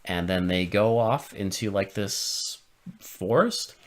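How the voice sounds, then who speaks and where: A man co-hosting a podcast in casual chat, animated and finishing his co-host's sentences. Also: deep voice, slow pace. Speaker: podcast co-host.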